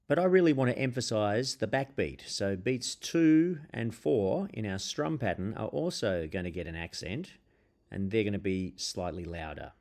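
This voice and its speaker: A man with a fairly low voice teaches ukulele rhythm. He explains at an easy pace, stopping for "uh" and "um", and counts the beats aloud as he strums. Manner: relaxed, hesitant, with frequent uh and um fillers.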